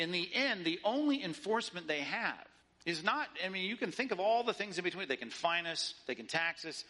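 A man's voice: on the high side, bright, forceful tone. A man preaching a sermon, telling a story with mock dialogue. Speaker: pastor.

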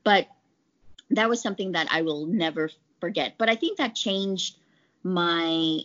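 Her voice is lowish and a bit bright, with a measured pace, as this pharmaceutical sales woman recounts stories in a conversational interview. She performs the quoted lines with animation, and the lo-fi audio sounds slightly dull.

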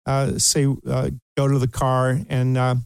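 Older man, from Kentucky, talk show host, animated storytelling, mid pitch, dry close mic. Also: unhurried, creaky, clear, resonant tone, dry recording. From Kentucky, USA. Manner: animated storyteller, laughs often, acts out quoted voices.

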